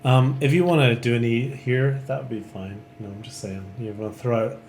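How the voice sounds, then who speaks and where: A man hosting a casual podcast, asking questions in a lively, jokey way. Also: mid-range voice, a little fast, slight background noise. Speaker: podcast host.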